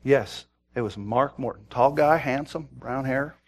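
A man preaching a sermon, telling a quiet personal story and then rising into loud, urgent exhortation, often repeating words as he starts a thought. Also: mid-range voice, a little slow, heavy background noise. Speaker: pastor.

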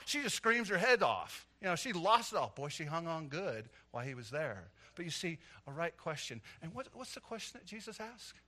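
A middle-aged man preaching a sermon, telling stories with animated energy that swells into loud, emphatic preaching. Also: fairly high pitch, normal speed. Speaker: pastor.

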